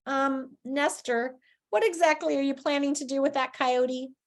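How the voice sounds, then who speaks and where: A woman's voice: high-pitched, fairly even intonation, normal speed, pitched above the performer's own voice. A woman voicing a friendly schoolboy who teases in an easygoing way. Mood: curious. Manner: teasing, easygoing. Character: friendly joking schoolboy sidekick.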